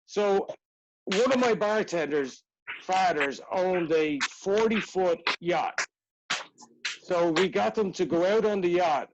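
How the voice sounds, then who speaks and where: A man's voice: a little high, dull audio, noisy background. A man from Ireland, a pub owner spinning a rambling bar story as a podcast guest. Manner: rambling, chatty yarn spinner. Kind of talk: casual storytelling.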